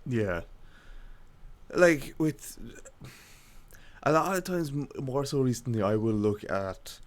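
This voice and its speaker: Young male co-host, very animated pitch, giggly and rambling, casual chat. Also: takes it slowly. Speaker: podcast co-host.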